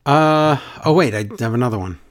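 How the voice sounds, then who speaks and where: An animated man hosting a casual podcast, his pitch jumping high and low as he talks. He reads listener emails aloud and jokes along the way. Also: brisk. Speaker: podcast host. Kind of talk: casual wrestling podcast chat.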